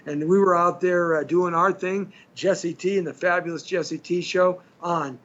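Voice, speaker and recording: A man's voice: high voice, fairly even intonation, unhurried, fairly bright tone. A middle-aged or older man hosting a radio show from a studio, chatting in a rambling, joking way. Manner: rambling, chatty, jokey asides. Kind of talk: casual radio monologue. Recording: slightly dull lo-fi stream with faint hiss.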